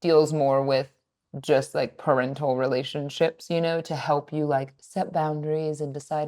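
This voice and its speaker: A woman in her thirties co-hosting a casual podcast, chatty and expressive, often mimicking voices in her stories. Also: sits low, a little fast. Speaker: podcast co-host. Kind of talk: casual chat.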